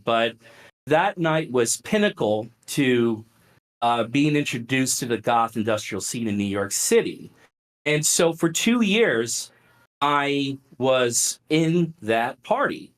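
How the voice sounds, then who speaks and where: A middle-aged man, a podcast guest, telling stories in a casual, conversational way with plenty of fillers. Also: medium pitch. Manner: animated, filler-heavy, conversational. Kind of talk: casual storytelling.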